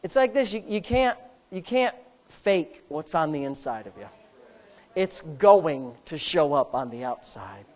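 A woman preaching a sermon, emphatic and repetitive, building to forceful peaks as she drives her point home. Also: deep voice, big pitch swings, a little slow.

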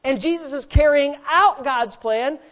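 A woman's voice: high voice, a little slow. A woman preaching a sermon, asking rhetorical questions and adding playful asides.

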